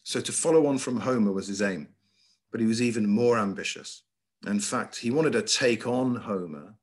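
Middle-aged headmaster, lively slide lecture over a video call, low voice. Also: male voice. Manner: lively, emphatic, with frequent ums and uhs. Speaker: school headmaster giving a talk.

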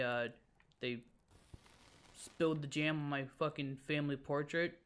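A young man commentating a horror game as he plays, cursing constantly and joking, swinging between loud outbursts and nervous muttering. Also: mid-range voice. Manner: profane, jumpy, jokey running commentary. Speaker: let's play gamer.

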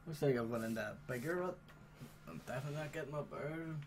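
A man hosting a gaming channel, chatting casually and swearing excitedly as he plays a game. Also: mid-range voice, quick pace, slight background noise. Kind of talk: casual gameplay commentary.

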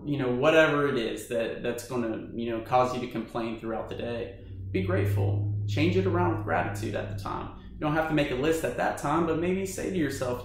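A man's voice: on the high side, slight background noise. A man giving earnest, encouraging advice straight to his viewers in a casual vlog. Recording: very echoey room.

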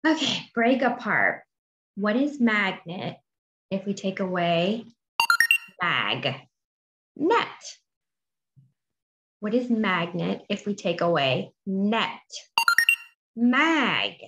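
Slow-talking woman teaching phonics. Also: medium pitch, big pitch swings. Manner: slow, drawn-out sounding of letters and words; encouraging, asks questions and waits. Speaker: kindergarten teacher. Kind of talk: phonics lesson for young children. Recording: dull lo-fi audio with faint noise.

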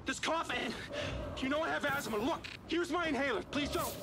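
A man's voice: very high-pitched, normal speed, pushed and bright, full character voice. An actor voicing a frightened man in a video game who pleads that he only has asthma, sounding desperate, heard as distant, noisy game audio. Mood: pleading.

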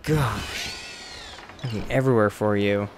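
A man's voice: fairly low pitch, measured pace, background noise. Chatty man narrating his gameplay. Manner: chatty, talks to the game and its characters. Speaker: let's play host. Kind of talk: casual gameplay commentary.

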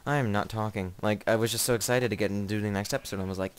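A man's voice: on the low side, steady tone, racing, few pauses, slight background noise. A young man casually commenting on his own gameplay, rambling and joking, easily startled. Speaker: gamer. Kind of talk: casual let's play commentary.

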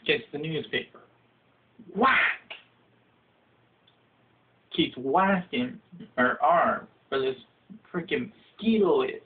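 A young man rants his way through a comic story, swearing freely and breaking into squeaky yells whenever he acts out a line. The sound is thin and boxy, like it's coming through a phone. He tells it slowly and deliberately, with a fairly high voice. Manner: profane, acts out quotes in a high shouting voice. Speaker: comedic storyteller. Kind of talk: casual comedic rant. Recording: phone-like lo-fi audio.

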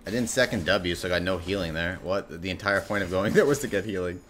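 A man giving live gameplay commentary, excitable and profane, breaking into sudden yells. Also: deep voice, fast, slight background noise. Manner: excitable, swearing, bursts into yelling. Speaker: gameplay streamer.

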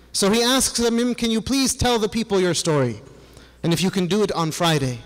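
Earnest man preaching in a reverberant hall. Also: high-pitched. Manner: earnest, quotes the figures of his story in his own voice. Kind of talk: sermon storytelling.

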